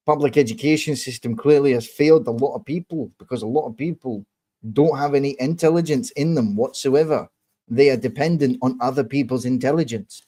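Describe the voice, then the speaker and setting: A man from England hosting his own online show, talking casually to viewers in a combative, lecturing way, slow and deliberate, swearing often and repeating his points. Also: medium pitch, mellow. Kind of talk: casual monologue answering viewer comments.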